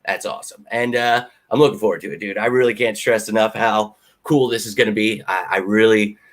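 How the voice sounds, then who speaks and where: Excitable lower-voiced man hosting a live fan Q&A. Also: a little fast. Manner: excitable, rambling, swears freely. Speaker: fan channel host. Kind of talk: live Q&A chat.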